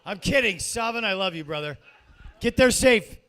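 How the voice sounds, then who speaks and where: Loud, crude high-voiced male emcee. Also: lively intonation, normal speed. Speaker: comedy show host. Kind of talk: stand-up emceeing.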